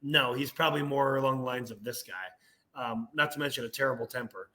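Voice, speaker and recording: A young man co-hosting a casual sports podcast, ranting with animated energy and laughing at himself. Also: medium pitch, fairly quick. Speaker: podcast co-host.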